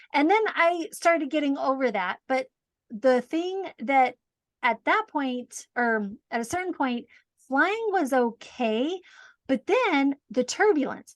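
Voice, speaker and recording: Woman guest, lively storyteller with a high-ish voice, dry close mic, laughs through it. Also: no echo. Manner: animated, self-mocking, laughs often. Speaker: podcast guest, hypnotherapist. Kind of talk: casual storytelling.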